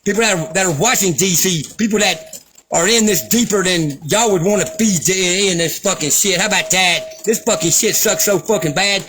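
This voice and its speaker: A man's voice: high-pitched, normal speed, pushed and bright, soft background music. A man delivering an angry, profane, sarcastic rant as a vlogger. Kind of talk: angry ranting commentary.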